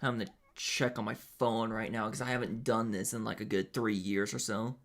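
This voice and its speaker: A man's voice: lowish voice, fairly even intonation, fairly quick, creaky. A young man, chatting casually to a live stream audience in a hesitant, filler-heavy way with nervous laughter.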